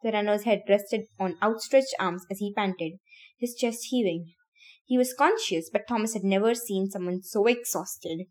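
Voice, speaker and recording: A woman's voice: mid-range voice, moderate pace, darkish tone. A woman podcast host reading a novel aloud, stopping now and then to laugh and talk to her listeners about the story. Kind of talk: casual read-aloud with chatty asides.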